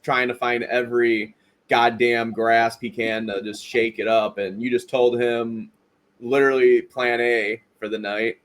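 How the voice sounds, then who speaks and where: A man's voice: mid-range voice, a little slow. Casual man recapping with swearing. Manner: animated storyteller, acts out quotes, swears freely. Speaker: podcast host. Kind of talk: casual chat recapping a reality show.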